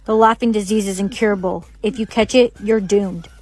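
A woman's voice: mid-range voice, fairly even intonation, brisk, darkish tone. A young woman performing acted short-video skit dialogue, switching between roles like a mother, a friend and a teacher in a theatrical way. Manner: theatrical, shifting between bossy and coaxing roles.

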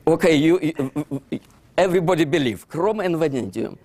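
A man's voice: fairly high pitch, expressive, moderate pace, a little mellow. A man with a Russian accent, Russian as his first language, giving a lecture over slides in broken English with many "you see" fillers. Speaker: author giving a book talk. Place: lecture hall.

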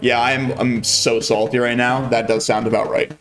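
A man's voice: medium pitch, little pitch movement, moderate pace, hardly any pauses, a bit bright, soft background music. A young man casually commenting on gameplay on a live stream, wry and a bit exasperated.

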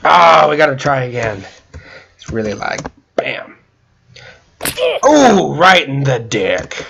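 A young man giving casual gaming commentary, excitable, yelping, whooping and swearing often as he plays. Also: mid-range voice, takes it slowly, gravelly, pauses often, muffled recording, a little hiss or hum. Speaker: gaming channel host.

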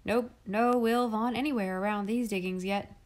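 A woman's voice: medium pitch, steady tone, normal speed, close to an everyday voice. A woman reading a storybook voices a flashy, careless young man who answers in a casual, dismissive way. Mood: offhand.

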